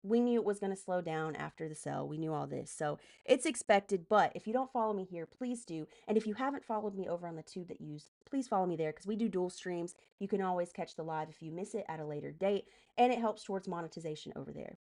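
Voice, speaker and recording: A woman's voice: on the low side, creaky, a little mellow. A woman live streamer doing political commentary, heated and profane, breaking off to greet chat and direct moderators. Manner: heated, profane, rapid asides to chat and mods.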